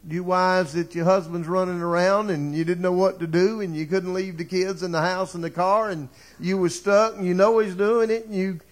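A male preacher tells a story from the pulpit with dramatic flair, his voice sitting somewhat high for a man. He swings between hushed moments and rising, fervent appeals to his listeners. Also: fairly even intonation, moderate pace, hardly any pauses. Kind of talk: sermon.

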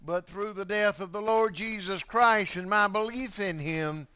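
A man with a high, clear, resonant voice delivers a sermon at an unhurried pace. He swings from loud, ringing declarations to quiet, hushed asides. He repeats key phrases for emphasis. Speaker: preacher.

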